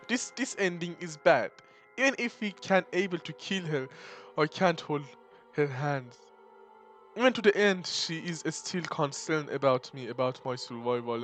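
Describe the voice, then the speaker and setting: A man's voice: fairly high pitch, fairly bright tone. Joking, swearing young man reading a visual novel. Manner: swears and jokes between dramatic reading.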